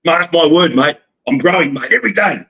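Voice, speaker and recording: A man's voice: a little high, expressive, fairly quick, breathy edge, muffled recording. An Australian man, a wrestling promoter guest, talking in brash, boastful banter and calling everyone mate. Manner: calls everyone mate, loud and cocky.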